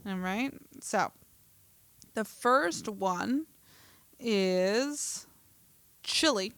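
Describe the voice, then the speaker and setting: A woman's voice: medium pitch, animated, extremely slow, fairly bright tone, no room sound. A woman from New Jersey co-hosting a casual podcast, chatting and reading an article aloud with small stumbles and easy laughs. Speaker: podcast co-host.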